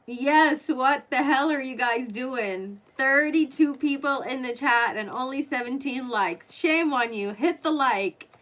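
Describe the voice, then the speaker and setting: Slow-talking effusive woman tarot reader. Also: sits high, a bit bright. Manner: effusive, chatty, emotional. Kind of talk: live-streamed tarot reading.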